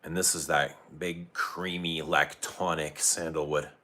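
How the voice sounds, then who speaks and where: A man with a low, forceful, bright voice hosts an early-morning livestream. He chats easily and greets viewers one by one as he reads their comments. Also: level tone, unhurried. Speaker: perfume livestream host. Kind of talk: casual livestream chat with viewers.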